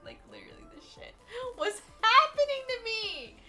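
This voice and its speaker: A woman narrating a comic storytime, animated and full of swearing, dropping to mumbles and then rising loud. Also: very high-pitched, normal speed, soft background music. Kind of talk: casual comedic storytime voice-over.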